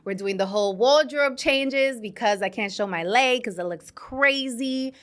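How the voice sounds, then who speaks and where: A woman in her thirties from New York City, hosting her own show and telling a story to her listeners in a chatty, animated way, laughing often. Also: on the high side, measured pace. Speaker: podcast host. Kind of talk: casual storytelling monologue. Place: studio.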